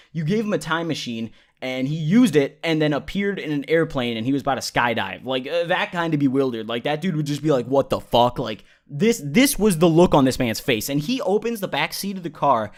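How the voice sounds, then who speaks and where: A young man tells a casual, rambling story with plenty of swearing. His voice sits a little high and swings widely in pitch. He sounds animated throughout. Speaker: vlogger.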